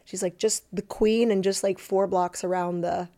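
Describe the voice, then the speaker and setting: A middle-aged woman, an actor, chatting in an interview and telling stories in an animated, self-deprecating way with quick asides. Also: on the low side. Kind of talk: casual interview chat.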